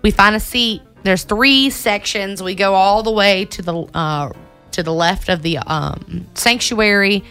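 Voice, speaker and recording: Animated storytelling woman, bright voice. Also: mid-range voice, a little slow, clean tone, soft background music. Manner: animated storytelling with acted quotes. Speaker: co-host. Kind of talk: casual chat.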